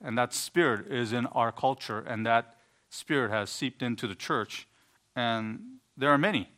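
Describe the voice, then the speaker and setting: A pastor preaches an earnest sermon, explaining scripture with emphatic rising bursts and the occasional stumble. His voice is mid-range and fairly bright, and he speaks unhurriedly.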